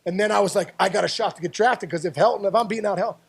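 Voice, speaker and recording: Guest spot: gravelly, husky-voiced man, high-pitched for a man, animated storyteller who stumbles and repeats words. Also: very fast. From Pittsburgh area. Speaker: podcast guest, former baseball player. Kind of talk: storytelling interview.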